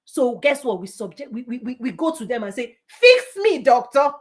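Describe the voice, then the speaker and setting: Emphatic, high-voiced woman business coach. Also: brisk, slightly rough. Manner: emphatic, laughing often, repeating punchy phrases. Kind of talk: motivational business talk.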